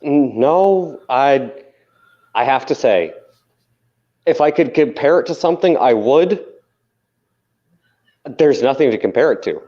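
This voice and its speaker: A man's voice: mid-range voice, animated, unhurried, long pauses, warm tone. A man in casual podcast banter who talks insistently and swears freely. His voice sits mid-range. The sound is muffled and lo-fi. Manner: profane, emphatic, insistent. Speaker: podcast co-host. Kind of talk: casual chat. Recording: dull lo-fi sound.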